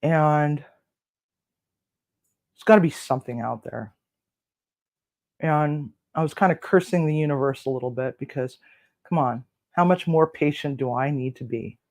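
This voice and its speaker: A relaxed, chatty home-cooking host spinning a long personal tale at a middling pitch. They slip into little voices for each side of a phone conversation and pad their speech with ums and restarts. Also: unhurried, long pauses. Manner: chatty, relaxed, acts out both sides of phone calls; frequent fillers and restarts. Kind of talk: casual storytelling.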